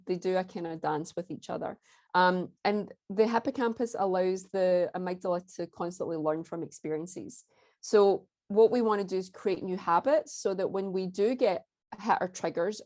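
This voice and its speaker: A woman presenting a workshop talk, chatty and often checking in with "right?", who turns soft and soothing when guiding a breathing exercise. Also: on the low side.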